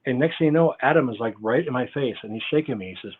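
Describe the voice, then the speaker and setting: A man talks through his stories as a guest, circling back and losing his thread as he goes. His voice sits at an everyday middle pitch. It comes through thin and tinny, like a phone line on a video call. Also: animated, fast talker, breathy edge. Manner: rambling, loses his train of thought. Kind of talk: casual interview storytelling.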